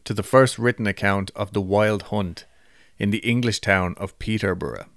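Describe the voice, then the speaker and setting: A man's voice: fairly low pitch, normal speed, creaky, a bit bright, no echo, clean studio sound. A man hosting a podcast in casual chat, who swears freely and laughs at himself. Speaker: podcast host.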